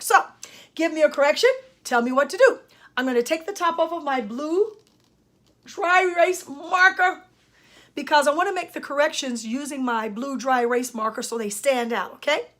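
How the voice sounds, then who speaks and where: A woman's voice: high voice, bright, forceful tone. An older woman, a speech-language pathologist, gives an emphatic grammar lesson and speaks straight to parents and students. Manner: emphatic, teacherly, addresses parents and students directly. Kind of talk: instructional lesson talk.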